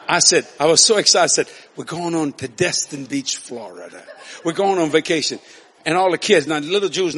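A man preaching a story-filled sermon, animated and laughing as he acts out voices. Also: high-pitched.

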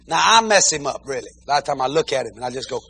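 A man preaching a comic storytelling sermon, animated and bursting into shouted exclamations between praise interjections. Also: medium pitch, racing, very noisy. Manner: peppers talk with praise interjections.

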